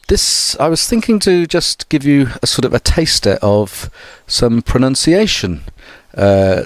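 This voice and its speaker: A man, a teacher, giving an online mini lesson. He talks slowly and carefully, with many hesitant fillers. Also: on the low side, no echo. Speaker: English teacher.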